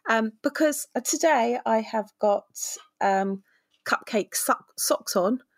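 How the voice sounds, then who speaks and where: A woman's voice: fairly high pitch, slow, creaky, no echo. A woman co-hosting a podcast in casual chat, playful and laughing often. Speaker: podcast co-host.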